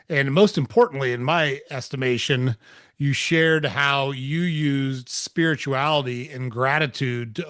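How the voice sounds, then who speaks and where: A man hosting a podcast interview, talking upbeat and quick with filler words. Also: mid-range voice, a bit bright, no room sound, clean studio sound. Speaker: podcast host.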